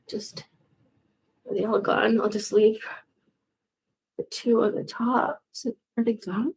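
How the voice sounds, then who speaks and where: A woman in her sixties chats at an unhurried pace, goofy and self-mocking, with plenty of swearing. Her voice sits a little high, and she slips into whispers and back out again as she goes. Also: little pitch movement, vocal fry, a little hiss or hum. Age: 60s. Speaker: vlogger. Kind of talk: rambling casual chat. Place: home room.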